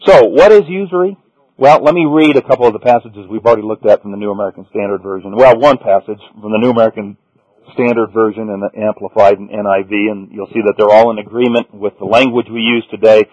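A man's voice: lowish voice, quick pace, a little mellow, no room sound. Guy preaching a bible lesson, reads verses then hammers the point, muffled dry old radio sound. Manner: reads scripture aloud, then comments and stresses points. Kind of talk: Bible teaching sermon.

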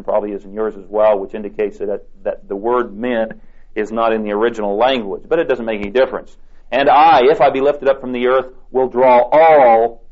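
A man preaching a sermon, reading scripture aloud with deliberate emphasis. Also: medium pitch. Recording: dull lo-fi tape recording.

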